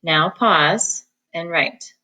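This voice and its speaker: A woman teacher giving an online phonics lesson, dictating sentences slowly and sounding out each syllable. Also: lowish voice, bright, forceful tone, rough recording. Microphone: recorded at a computer for students at home.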